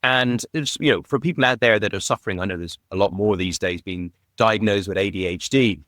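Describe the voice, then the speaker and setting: A man's voice: fairly low pitch, a little fast, a bit bright, no echo, studio quality. A man hosting a podcast, chatting casually and praising his guest with enthusiasm. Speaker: podcast host. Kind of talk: casual interview chat.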